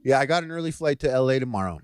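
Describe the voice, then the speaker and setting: A man's voice: medium pitch, animated, very fast, clean tone, no room sound, clean studio sound. A man co-hosting a podcast in casual chat, joking around in slangy bro talk. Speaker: podcast co-host.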